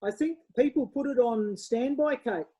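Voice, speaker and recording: A woman's voice: on the high side, normal speed, mellow, slightly rough, low-quality recording. An Australian woman co-hosting a wine show in casual, rambling chat, often correcting herself. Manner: chatty, rambling, self-correcting.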